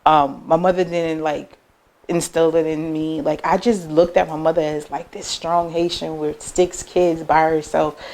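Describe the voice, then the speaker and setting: A young American woman, a business owner, chatting casually in an interview and telling lively personal stories, acting out the voices of people she quotes. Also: vocal fry. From United States. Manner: animated, acts out quoted voices with big pitch jumps.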